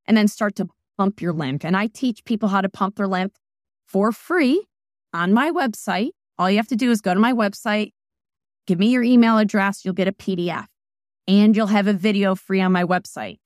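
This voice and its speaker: A woman in her forties, a wellness practitioner, is interviewed and talks casually, emphatically and with animation, jumping between asides. Her voice is mid-range, recorded at studio quality without echo.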